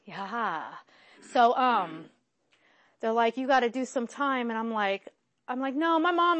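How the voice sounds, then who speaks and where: A woman's voice: a little high, fairly bright tone. A woman in her thirties, from West Virginia, telling her own recovery story in a frank, rambling, self-deprecating way. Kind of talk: candid personal testimony.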